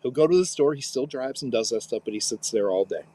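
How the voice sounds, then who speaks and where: Speaking fast in a medium-pitched voice, this thirty-something man co-hosts a podcast and animatedly narrates a story, performing the quotes of the people involved. There's no echo on the recording.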